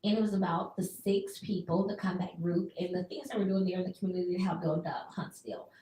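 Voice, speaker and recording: A woman radio host giving a chatty, expressive recap that she acts out with quick bits of dialogue. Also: lowish voice, echoey room, distant mic, rough recording.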